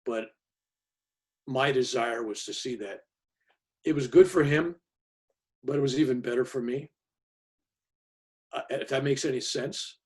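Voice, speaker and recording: A man's voice: mid-range voice, measured pace, pauses often. An older man, a reverend, telling a story in casual talk over a video call, his voice rising and dropping with the tale.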